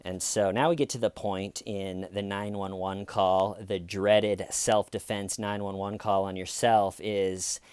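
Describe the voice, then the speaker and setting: A man's voice: on the low side, flat delivery, measured pace, hardly any pauses, a little mellow, clear, resonant tone, no room sound. A man hosting comedic true crime commentary, sarcastic and acting out quoted lines in mocking voices.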